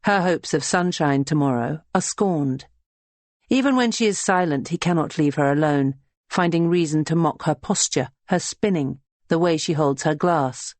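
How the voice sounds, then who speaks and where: A narrator reads a historical novel aloud in a steady, even storytelling manner. The voice sits at a middle pitch. The recording is dry and close. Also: moderate pace, no room sound. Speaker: audiobook narrator. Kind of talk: scripted narration.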